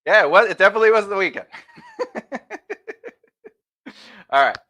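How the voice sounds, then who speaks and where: A man with a fairly high, bright and forceful voice teaches conversation skills on a casual livestream. He talks loosely and chattily, often slipping into quick acted-out example replies. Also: animated.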